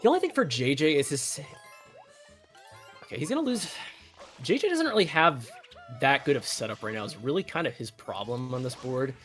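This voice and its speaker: A man's voice: medium pitch, very animated, a little fast, pauses often, fairly bright tone. A man casually commentating a live video game race, analytical and chatty with lots of filler words. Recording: faint music behind.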